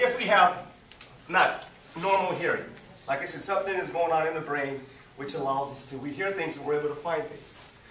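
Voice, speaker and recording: A man teaching a group how to guide visually impaired students, repeating "boom" to mark each point as he demonstrates. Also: fairly bright tone, slight background noise. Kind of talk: live demonstration talk. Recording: echoey room, speaker far from mic.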